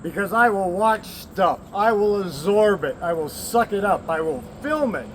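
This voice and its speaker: A man's voice: high-pitched, lively intonation, moderate pace, a little hiss or hum. A man from the American Southwest, at least in his forties, talking candidly in a rambling personal vlog. He swears, laughs often and speaks in short bursts. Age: 40s or older. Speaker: vlogger.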